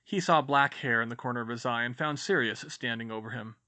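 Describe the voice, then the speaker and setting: A man narrating a fan fiction audiobook chapter in an expressive, dramatic reading style. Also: medium pitch, brisk.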